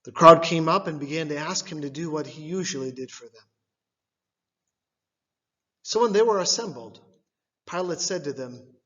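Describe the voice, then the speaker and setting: A man giving a liturgical scripture reading, delivered in measured phrases, one at a time. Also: fairly high pitch, sharp tone, highs cut off. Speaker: scripture reader.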